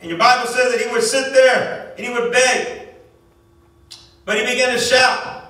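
A man preaching a sermon as pastor, rising into shouts and calling out to the congregation. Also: extremely high pitch, flat delivery, moderate pace. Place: church sanctuary. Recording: echoey church hall, distant mic.

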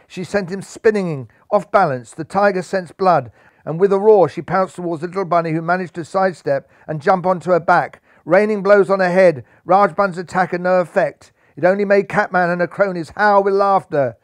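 A man narrating a children's storybook with dramatic, animated delivery. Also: high-pitched, dry recording, studio quality.

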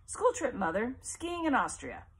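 A woman's voice: a little high, big pitch swings, measured pace, fairly bright tone, slightly rough, voice pushed up, exaggerated voice. Woman doing a composed, dutiful boy. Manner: polite, restrained, dutiful. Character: Artemis, cool, composed young boy.

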